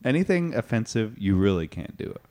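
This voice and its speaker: A man playing a mock improv teacher in a comedy sketch, talking in a deadpan, instructive way. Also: lowish voice, a little fast.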